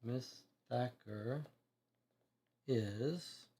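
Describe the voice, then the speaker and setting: A man's voice: mid-range voice, very slow, mellow, slightly rough. A man streaming a detective board game, thinking aloud hesitantly and reading the case text. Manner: musing, hesitant, questioning.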